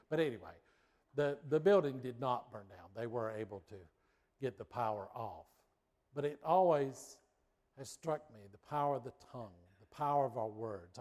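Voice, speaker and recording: A middle-aged male pastor giving a sermon, telling a lively personal story with suspense before drawing out his point. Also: mid-range voice.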